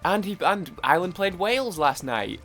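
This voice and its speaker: A man's voice: high voice, very animated, normal speed, fairly bright tone, soft background music. A man chatting casually while playing a video game, rambling, restarting his sentences and swearing now and then. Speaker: gaming YouTuber. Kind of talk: casual let's-play chat.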